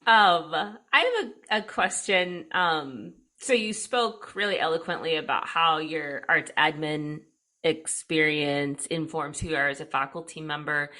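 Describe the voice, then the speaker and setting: A woman's voice: deep voice, a little slow, pushed and bright. A woman co-hosting a music podcast, asking a guest a question carefully, with hesitant fillers. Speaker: podcast co-host. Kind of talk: interview questions.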